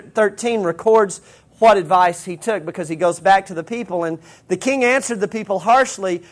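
A man preaching a sermon, retelling scripture in casual everyday slang. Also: sits high. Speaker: pastor.

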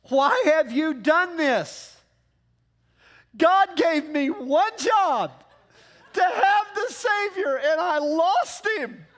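A man doing a frantic, shrill young mother. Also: lively intonation, drawn-out words, exaggerated voice. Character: frantic young mother scolding her lost son.

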